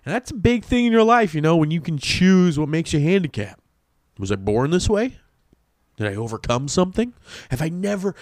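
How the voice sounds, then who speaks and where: A young adult man, a podcast host, telling a rambling, profane and excitable comic story in a casual way. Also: mid-range voice, creaky, dry recording, clean studio sound.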